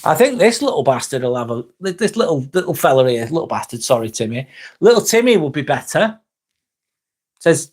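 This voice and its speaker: A man's voice: fairly high pitch, big pitch swings, normal speed, darkish tone, husky. A young man, chatting bluntly on a live stream, reading and answering viewer comments and swearing freely. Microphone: phone.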